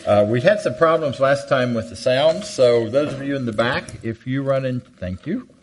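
An older man giving an animated, self-deprecating storytelling talk to a live audience on a handheld mic. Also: moderate pace, a little hiss or hum, rough recording. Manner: animated, jumps high for quoted voices. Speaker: guest speaker. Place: hall with audience. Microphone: handheld microphone.

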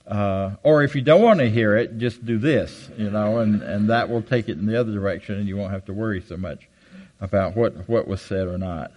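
An older man giving an animated, self-deprecating storytelling talk to a live audience on a handheld mic. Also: fairly quick, low-quality recording. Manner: animated, jumps high for quoted voices. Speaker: guest speaker. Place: hall with audience. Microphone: handheld microphone.

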